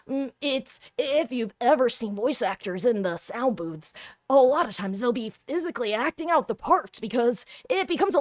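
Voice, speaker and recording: A woman voicing an upbeat young male anime protagonist in an eager, bright delivery. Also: on the high side, no room sound, studio quality.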